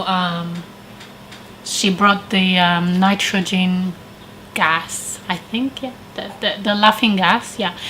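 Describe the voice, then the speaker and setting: A woman vlogger casually telling a personal story with animated retellings and frequent laughter. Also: mid-range voice, slight background noise, low-quality recording. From living in Canada.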